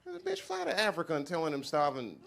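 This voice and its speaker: A man doing profane stand-up comedy on a live stage, animated and acting out the voices of people he quotes. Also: on the high side, fast, gravelly. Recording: loud crowd laughter over noisy live sound.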